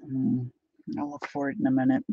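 A woman hosting a casual live chat with her viewers, talking them through things as she unpacks and sometimes dropping to a soft whisper. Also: rumbling low, completely flat delivery, a little fast, slightly rough, dry recording, highs cut off. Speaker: livestream host.

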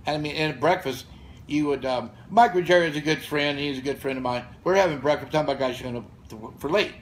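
The recording is low quality with slight background noise and the room sound of a gym or studio. There, a fired-up, blunt, profane man in his sixties, a gym founder guesting on a podcast, tells casual stories in a fairly high-pitched voice at a quick pace.

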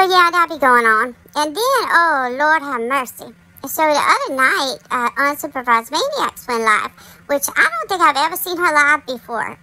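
A woman hosts a casual commentary monologue in a high, bright voice. She is chatty and speaks straight to her viewers. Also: rough recording. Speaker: commentary channel host.

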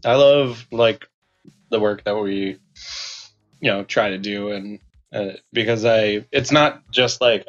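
A man's voice: on the low side, unhurried, muffled recording, soft background music. A young man co-hosting a podcast in casual chat, rambling and laughing often. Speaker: podcast co-host.

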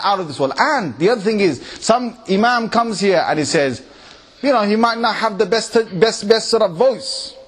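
A man giving a lively lecture to an audience in a mosque, chanting Arabic recitation and mimicking tunes with big pitch jumps. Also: slightly rough. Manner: recites Quran in Arabic in varied melodies. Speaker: Islamic preacher.

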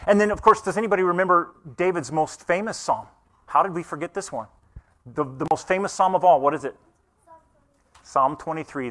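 A pastor preaching a conversational sermon in church, earnest and asking the congregation questions. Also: male voice, a little high, a little fast, a bit bright.

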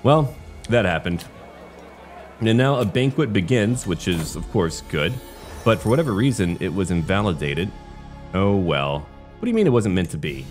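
A man commenting on his strategy game play in a wry, chatty way, now and then trying out quick joking voices. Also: sits low, sing-song, a little mellow, faint music behind. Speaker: game streamer.

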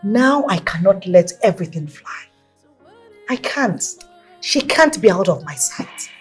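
A woman's voice: medium pitch, lively intonation, measured pace, breathy edge, soft background music. An actress with a Nigerian accent playing an overprotective, anxious mother who pleads and insists. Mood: pleading. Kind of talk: film drama acting.

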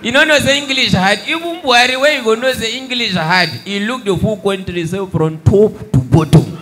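A young Nigerian man doing stand-up comedy, mixing Pidgin and English and shouting his punchlines. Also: high-pitched, brisk, a faint crowd.

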